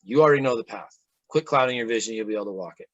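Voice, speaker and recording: A man quoting the voice of a sarcastic, motherly female spirit that calmly lectures him. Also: fairly low pitch, racing, no echo, highs cut off, close to an everyday voice. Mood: calm, admonishing. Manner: calm, instructive, mildly scolding.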